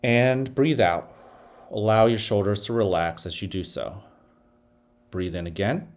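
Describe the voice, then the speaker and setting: In a voice on the low side, a principal addresses students with the morning announcements. He leads them through breathing slowly and soothingly.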